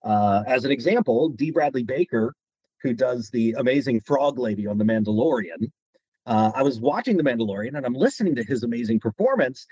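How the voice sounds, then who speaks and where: A husky-voiced man tells stories from his career as a guest voice actor, animated and quick to slip into quoted voices. The sound is dry and a little dull, like a lo-fi recording. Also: medium pitch, no echo. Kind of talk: interview storytelling.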